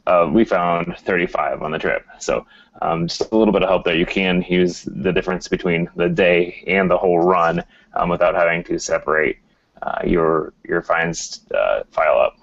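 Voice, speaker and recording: A man with a very low voice records a message for a podcast, hesitant and full of "uh"s and "um"s. The audio is dull and lo-fi. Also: moderate pace, creaky. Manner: hesitant, many fillers. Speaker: listener sending in audio.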